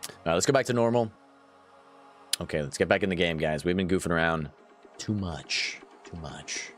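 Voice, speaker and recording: A man's voice: deep voice, moderate pace, fairly bright tone, soft background music. A man with a sore throat, playfully chatting to viewers during gameplay. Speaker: streamer. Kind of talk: casual gameplay commentary.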